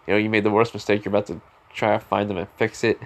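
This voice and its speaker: A man's voice: lowish voice, flat delivery, very fast, close to an everyday voice. Man voicing a frank teenage girl hero. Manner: rambling, frank, many fillers.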